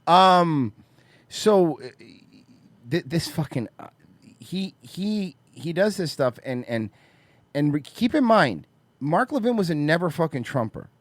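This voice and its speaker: Brief: male podcast host from Florida, lively pitch, dry close sound, foul-mouthed storyteller. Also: a little slow, dry recording. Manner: profane, animated storyteller who acts out quotes. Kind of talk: casual podcast chat.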